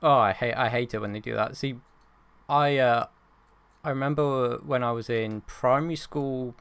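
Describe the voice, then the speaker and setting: A man's voice: medium pitch, steady tone, normal speed, fairly bright tone, clear, resonant tone, dry recording. A young man, co-hosting a casual podcast chat, chatty and self-mocking. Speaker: podcast co-host.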